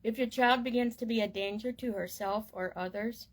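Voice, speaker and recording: A woman reading a parenting course book aloud in a gentle, measured and soothing way. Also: a little high, fairly even intonation. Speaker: reader of a parenting course text.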